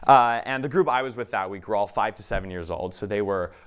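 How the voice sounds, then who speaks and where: Smooth-voiced young man doing stand-up. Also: lowish voice. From Minnesota. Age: young adult. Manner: halting, self-deprecating storytelling with many fillers. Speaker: comedian. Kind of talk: stand-up comedy set.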